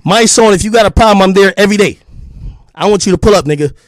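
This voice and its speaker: A man with a podcast delivering an aggressive, profane callout, taunting and often shouting. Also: high voice, quick pace, no echo, studio quality, soft background music. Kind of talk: heated callout rant to camera.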